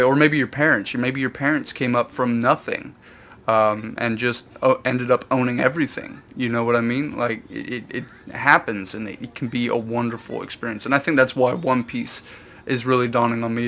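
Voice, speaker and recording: A man casually retelling a manga chapter in a rambling, animated way, with quick put-on voices for the characters. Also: mid-range voice. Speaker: YouTube host.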